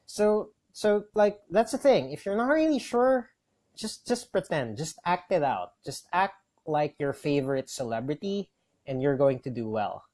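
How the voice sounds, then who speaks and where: A man's voice: a little high, sing-song, unhurried, a little mellow. A man giving casual tips as a call center trainer, rambling with many fillers and restarts. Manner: coaching, gives direct advice. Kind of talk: casual instructional talk.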